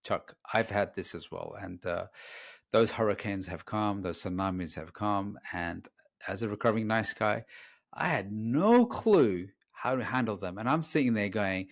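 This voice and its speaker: A man co-hosting a podcast, venting in an exasperated, animated way during a casual discussion. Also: on the low side, moderate pace, vocal fry. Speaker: podcast co-host.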